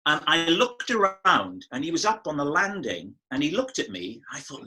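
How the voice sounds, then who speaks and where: A man guest on a talk show, telling stories in a chatty way with quick asides. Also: fairly high pitch, animated, sharp tone, breathy edge, poor audio. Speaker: comedian guest.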